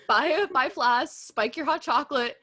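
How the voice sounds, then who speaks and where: A woman in her twenties co-hosting a podcast, chatting casually, laughing a lot and swearing loudly. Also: high-pitched, animated, a little slow. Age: 20s. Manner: laughing, loud, rowdy swearing. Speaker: podcast co-host. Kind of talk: casual chat.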